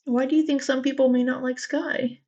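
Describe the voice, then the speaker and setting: A woman's voice: high voice, steady tone, normal speed, dark tone, highs cut off. A woman with a Southwest Missouri accent, hosting a casual livestream and greeting chat viewers by name in a chatty, candid way. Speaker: livestream host.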